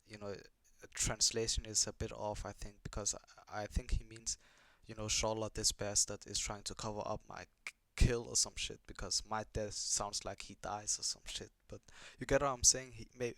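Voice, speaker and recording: A man's voice: on the low side, flat delivery, normal speed, few pauses, bright, forceful tone, no echo. A young man giving casual reaction commentary on an anime, swearing a lot, rambling and asking puzzled questions.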